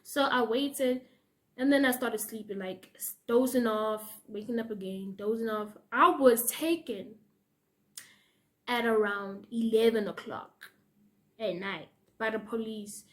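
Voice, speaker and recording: A young woman with a South African accent tells a storytime vlog, her voice high and lively. She laughs often and acts out the people she quotes. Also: unhurried. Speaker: YouTuber.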